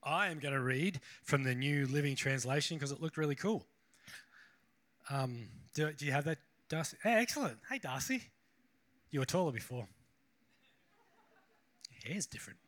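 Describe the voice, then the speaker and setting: A male pastor gives a loose, conversational sermon with a bright, forceful voice. He rambles a little and drops self-deprecating asides as he goes. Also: medium pitch, moderate pace, pauses often. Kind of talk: casual sermon.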